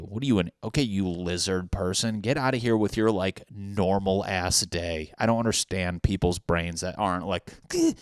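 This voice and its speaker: A man's voice: low voice, dry recording, studio quality. A young man hosting a solo comedy podcast, rambling in a crude, profane, self-mocking way, with a wet cough. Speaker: podcast host.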